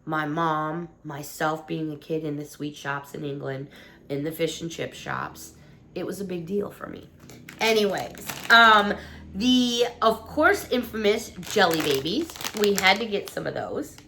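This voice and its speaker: A woman's voice: low voice, very animated, unhurried, pushed and bright, a little hiss or hum. A woman vlogger from the United States chatting casually and gushing over a haul of British sweets. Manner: gushing, chatty, emotional about British treats. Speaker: vlogger showing a shopping haul. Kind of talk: casual chat.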